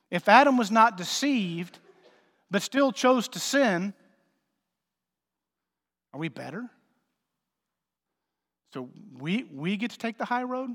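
A male pastor delivers a sermon with a notably high-pitched voice, casual and joking between forceful swells of emphasis. The sound rings with a long hall reverb. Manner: conversational, joking preacher with sudden emphatic swells.

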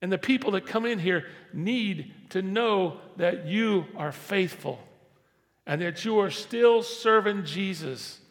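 A man's voice: high-pitched, slow, long reverb tail. A man preaching a sermon as pastor in a church sanctuary, conversational and repetitive, rising to emphatic stress.

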